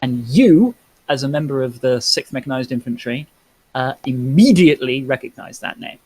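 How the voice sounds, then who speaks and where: A man narrating a tabletop game as game master, in a halting, descriptive way. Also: medium pitch, animated, a little mellow, slightly rough, poor audio.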